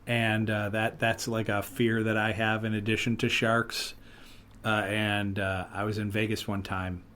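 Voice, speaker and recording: Animated man telling stories. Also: on the low side, measured pace, smooth. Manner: animated storyteller, lively retellings. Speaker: podcast host. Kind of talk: casual chat.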